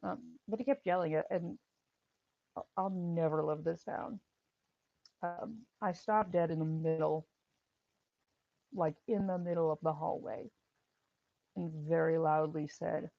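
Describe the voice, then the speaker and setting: Gravelly low-voiced woman telling wry stories. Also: fairly even intonation, a little slow, long pauses, warm tone, no room sound, muffled recording. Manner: wry, blunt, laughs at her own stories. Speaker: livestream host and former EMT supervisor. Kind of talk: casual livestream storytelling.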